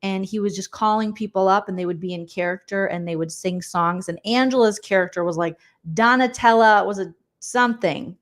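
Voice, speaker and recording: A woman's voice: medium pitch, a little fast, few pauses. A woman hosting a casual livestream recap, chatty and rambling, often acting out quotes. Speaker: host.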